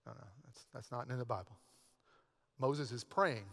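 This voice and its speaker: A man's voice: on the high side, lively intonation, normal speed. A male pastor from Texas preaching a sermon in a church sanctuary, conversational and storytelling with asides. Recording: long church hall reverb.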